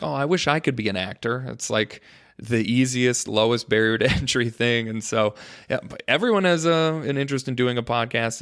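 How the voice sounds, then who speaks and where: A man's voice: mid-range voice, a bit bright, clean tone. A man hosting his own podcast alone, talking in a rambling, joking way with mock-dramatic asides to his listeners. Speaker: podcast host. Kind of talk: casual solo podcast monologue.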